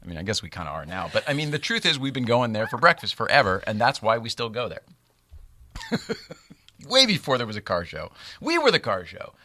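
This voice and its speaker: A man hosting a casual chat, telling a story in an animated way and laughing often. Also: mid-range voice, brisk. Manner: animated, laughs often, acts out voices in quotes.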